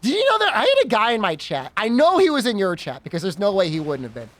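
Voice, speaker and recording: A man's voice: sits high, huge pitch swings, fast talker, a bit bright, slight background noise. A man streaming a game, chatting casually and rambling, with frequent giggles and teasing. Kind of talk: casual gaming stream chat.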